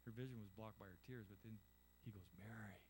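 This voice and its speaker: A man's voice: lowish voice, fairly even intonation, fast talker, a little mellow, slight background noise. An older man preaching a conversational sermon, acting out little voices and asking the congregation "amen?". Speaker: pastor.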